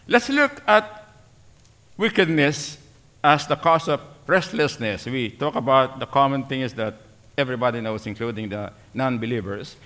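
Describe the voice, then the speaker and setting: Slow, emphatic male preacher. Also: mid-range voice, fairly bright tone. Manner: slow, emphatic, repeats key words. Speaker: pastor. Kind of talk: sermon. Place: church hall with a screen.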